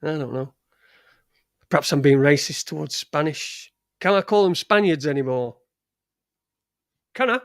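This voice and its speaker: A man's voice: a little high, lively intonation, a little slow, long pauses, no echo, studio quality. A middle-aged man with a Yorkshire accent, hosting a casual livestream with rambling, crude, joking chat. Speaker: livestream host. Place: home studio in front of a green screen.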